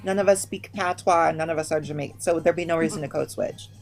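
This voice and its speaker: A woman's voice: low voice, quick pace, a little mellow. A woman in a casual live-stream discussion, pointed and skeptical, pressing with questions.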